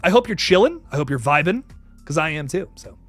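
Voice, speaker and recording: A young man hosts a casual livestream, chatting with viewers in a high, bouncy voice that swings widely in pitch. He laughs a lot, restarts his sentences and curses casually. The sound is dry and close, with faint music behind him. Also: a little fast, no echo. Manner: excitable, laughs often, stammers and restarts, swears casually. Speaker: livestream host. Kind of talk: casual live chat reading viewer messages.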